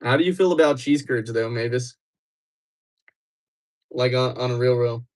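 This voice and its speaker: A man's voice: mid-range voice, moderate pace, darkish tone. A young man from Wisconsin who livestreams, chatting casually with viewers in a loose, rambling, teasing way. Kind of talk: casual live chat with viewers.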